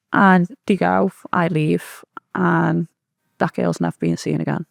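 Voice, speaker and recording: A woman's voice: lowish voice, fairly even intonation, normal speed, creaky, no room sound. Scouse woman, podcast guest, swears a lot, vivid storyteller, close dry sound. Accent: Liverpool. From Liverpool, England. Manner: vivid, swears freely, blunt. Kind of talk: storytelling in an interview.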